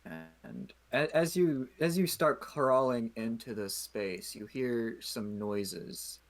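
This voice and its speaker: A man narrating a tabletop role-playing session as game master, pausing often with uhs and restarts. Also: mid-range voice, lively intonation, faint music behind. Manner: halting, many uhs and restarts.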